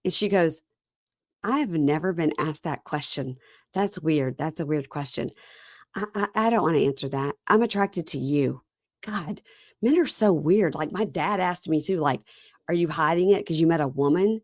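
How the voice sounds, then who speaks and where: Recapping a reality show in easygoing podcast chat, a low-voiced woman host plays out both sides of every scene as she tells it. Her speed is normal. The recording is close and dry, with almost no room and no echo.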